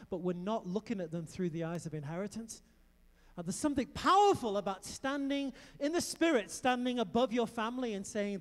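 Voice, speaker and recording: High-voiced preacher in a reverberant hall. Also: male voice, moderate pace. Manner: animated storytelling with emphatic outbursts. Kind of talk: sermon. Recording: long reverb of a large hall.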